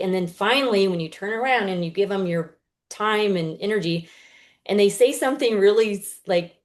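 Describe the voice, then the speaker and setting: A woman's voice: medium pitch, a little fast. A woman in her thirties, a guest healer on a podcast, explaining earnestly and acting out the inner voices she describes. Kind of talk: casual podcast interview.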